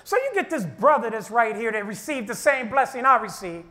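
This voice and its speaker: A man minister preaching a sermon with fervent delivery and shouted repeated refrains. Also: extremely high pitch, expressive, a little fast.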